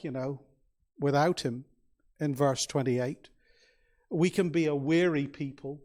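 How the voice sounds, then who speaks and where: A man preaches a sermon in a church. His voice sits a little high and moves slowly, with earnest emphasis and long pauses between phrases.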